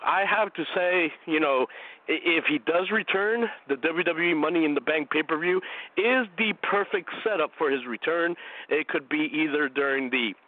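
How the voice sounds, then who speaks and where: Higher-voiced male radio host with a cold. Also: no echo. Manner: eager, rambling, talks fans through his opinions. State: has a cold, a bit out of breath. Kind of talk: opinionated wrestling radio talk. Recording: tinny phone-like dry line.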